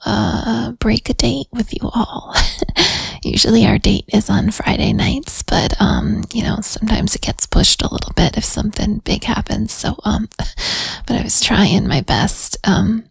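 A woman talking in a sick, hoarse voice in whispered casual chat, rambling and giggly as she thanks her listeners. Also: mid-range voice, measured pace, no echo, poor audio. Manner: rambling, giggly, warm-hearted. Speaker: audio role-play creator.

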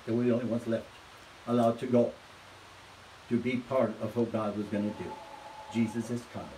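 Fired-up preacher guy, goes quiet then loud, kinda far off the mic with faint hiss. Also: little pitch movement, normal speed. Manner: fervent preaching, swinging from low hushed storytelling to loud exhortation. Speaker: pastor. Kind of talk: sermon.

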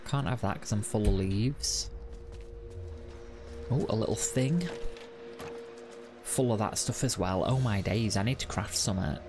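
A man's voice: on the low side, unhurried, long pauses, over music. A man giving casual, wry let's-play commentary and chatting to the game. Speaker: gaming video host.

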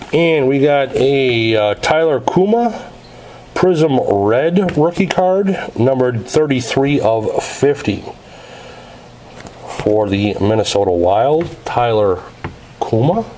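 A man's voice: medium pitch, animated, takes it slowly, long pauses, darkish tone, a little hiss or hum, rough recording. A man casually narrating as he opens packs of trading cards, reading out each card's details in a methodical way. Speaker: card break host.

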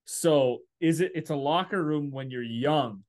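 A young man from the US hosts a podcast in a loose, rambling way, laughing along with his guest. His voice sits a little high for a man. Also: measured pace, a little mellow. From United States. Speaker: podcast host. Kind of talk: casual chat.

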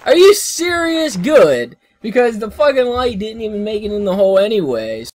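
High-pitched yelping male gamer. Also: big pitch swings, measured pace, a little hiss or hum. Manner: yelps, shouts and laughs, swears often. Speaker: gaming YouTuber. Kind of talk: excited let's-play commentary.

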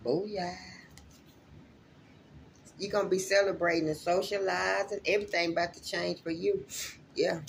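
A woman's voice: fairly low pitch, steady tone, moderate pace, creaky, long pauses, slight background noise. Emotional woman giving a spiritual reading. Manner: emotional, chatty, swears freely, addresses viewers directly. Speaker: spiritual reader. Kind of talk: casual spiritual reading to viewers.

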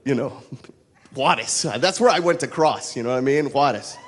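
A man's voice: mid-range voice, normal speed, husky. A man from El Paso with a Texan accent doing a rowdy, profane stand-up routine on a club stage, mixing in Spanish slang. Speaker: stand-up comedian.

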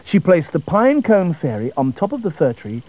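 Expressive man reading a children's story. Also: fairly high pitch, normal speed, noisy background. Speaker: narrator.

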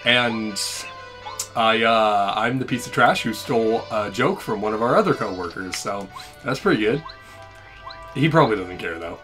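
A man's voice: fairly low pitch, moderate pace. A man hosting a casual let's play, chatting and laughing a lot. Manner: giggly, animated, lots of fillers. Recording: faint game music behind.

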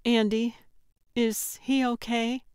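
Samantha: anxious, exasperated young woman, pitched up and louder than the narrator, a woman reading her, smooth clean audiobook. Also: little pitch movement, takes it slowly, no echo, clean studio sound. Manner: exasperated, defensive.

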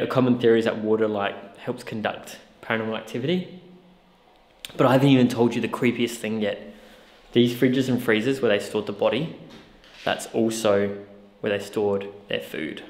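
Male paranormal vlogger, jittery and casual, mid-pitched, echoey room. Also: a little mellow. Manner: jittery, easily spooked. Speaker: paranormal investigator. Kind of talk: casual vlog narration. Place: old hospital basement.

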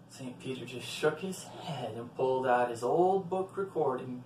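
A man reading a folktale aloud in an expressive storytelling manner. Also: mid-range voice, measured pace, slight background noise. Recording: roomy, from a distant mic.

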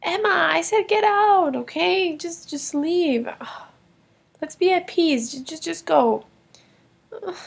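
A grumpy, impatient boy voiced by a woman in a toy film, pitched a little lower than a small child, with a gravelly edge. He brushes others off irritably. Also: slow, heavily acted. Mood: annoyed. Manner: irritated and dismissive. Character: grumpy young boy, impatient big brother.

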